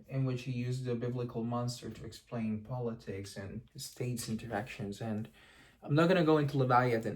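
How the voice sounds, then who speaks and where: Chatty man giving a history lesson. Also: mid-range voice. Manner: chatty, digressive, with joking asides and self-corrections. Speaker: history lecturer and channel host. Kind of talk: casual explanatory history lesson.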